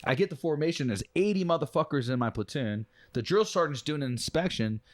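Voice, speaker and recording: A man co-hosting a podcast, telling a story in casual chat, swearing freely and bursting into loud quoted voices. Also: a little high, fairly quick, no echo. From United States. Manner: profane, animated storyteller, loud acted quotes. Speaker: podcast co-host.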